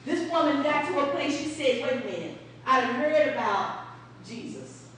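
Woman, preacher, high voice, conversational sermon, storytelling, very echoey church, distant mic. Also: expressive, moderate pace, a bit bright. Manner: storytelling, asks the congregation questions, laughs often. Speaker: preacher addressing a congregation. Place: church sanctuary. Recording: very echoey room from far off, faint hiss.

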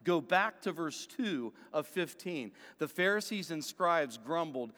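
A man preaches a sermon with a high, very lively voice that climbs to loud emphasis and drops to quiet, low stretches. His voice rings with the long reverb of a large hall. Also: a little slow, hardly any pauses. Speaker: pastor.

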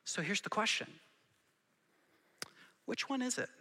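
High, bright-voiced male preacher in a hall. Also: expressive, a little slow. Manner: conversational preaching with rhetorical questions and emphatic repetition. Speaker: pastor. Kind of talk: sermon.

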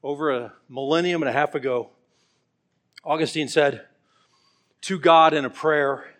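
A man's voice: a little high, normal speed, a bit bright. A middle-aged man preaching a sermon, earnest and pleading, telling stories along the way. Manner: earnest and pleading, with storytelling asides.

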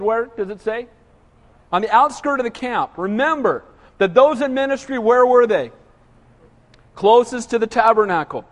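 High-voiced male pastor in a reverberant hall. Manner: conversational, asks the congregation questions, acts out whiny voices. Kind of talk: sermon.

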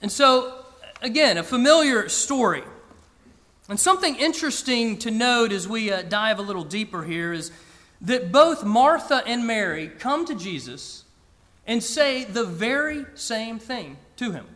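A man reading scripture and preaching a sermon in a slow, measured way with emphatic pauses. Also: very high-pitched, very animated, bright, forceful tone, in a large hall.

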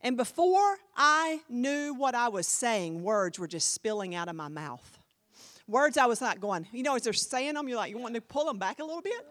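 A woman pastor teaching a class, telling a story in an animated, emphatic, chatty way full of fillers. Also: a little high, normal speed, no echo.

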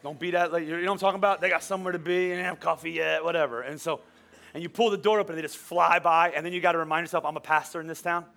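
A man in his forties preaching a sermon as a pastor, animated and storytelling with playful humor. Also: fairly high pitch, rapid-fire, vocal fry. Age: 40s. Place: church. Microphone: wearing a microphone.

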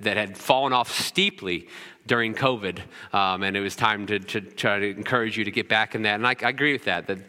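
Bright-voiced pastor in a reverberant church. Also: male voice, on the low side. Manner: conversational, frequent fillers and restarts. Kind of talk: sermon. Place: church sanctuary. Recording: long hall reverb.

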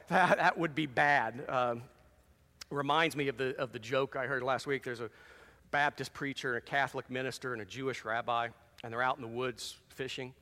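A man preaching a sermon as pastor, animated, telling jokes and reading scripture with dramatic emphasis. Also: medium pitch. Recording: long reverb of a large hall.

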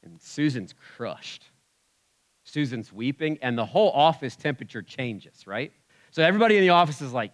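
A man preaching a sermon in a conversational way, swinging between loud emphatic bursts and quiet asides. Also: medium pitch, animated, brisk. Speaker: pastor.

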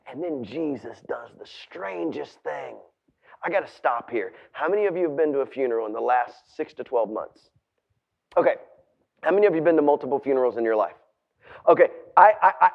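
A man in his forties preaching a sermon, telling a story dramatically, swinging from hushed tones to shouts and stumbling over restarts when excited. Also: a little high, a little fast, creaky. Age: 40s. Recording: dull lo-fi sound.

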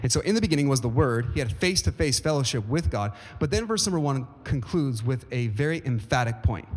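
A man's voice: mid-range voice, expressive, quick pace. A man preaching a sermon as pastor, speaking emphatically and often asking the congregation questions. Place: church sanctuary. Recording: long reverb of a church hall.

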